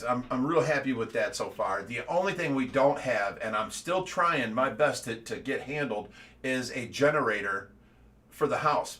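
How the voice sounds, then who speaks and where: A man's voice: medium pitch, a bit bright. A middle-aged man from the United States giving a casual livestream update, rambling and repeating words, with laughs between his stories. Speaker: fish rescue owner giving an update.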